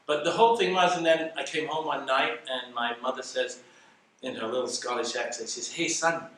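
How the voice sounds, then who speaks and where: A man's voice: mid-range voice, steady tone, a little fast, fairly bright tone, slight background noise. Older man telling stories in an echoey room. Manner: reflective, self-deprecating storyteller. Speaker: interview guest, salon educator. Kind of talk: casual storytelling interview. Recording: echoey room, mic at a distance.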